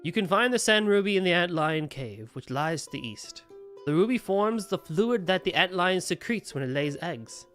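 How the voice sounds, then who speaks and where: A sorrowful young bard prince, soft-spoken and earnest, as a man reads him aloud from game text. The pitch moves lively between quiet lines and sudden cries of grief. Faint guitar game music plays underneath. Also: normal speed.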